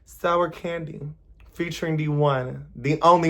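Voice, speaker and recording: An expressive man hosts a music reaction in casual, chatty commentary. His voice sits somewhat high for a man, and he leans into words with playful emphasis. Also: a little slow.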